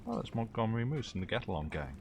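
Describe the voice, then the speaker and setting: A fairly low-voiced man commenting on a horror game during a live stream, chatty and full of wry asides. Faint game sounds sit behind him. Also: expressive, racing, a little mellow, slight background noise.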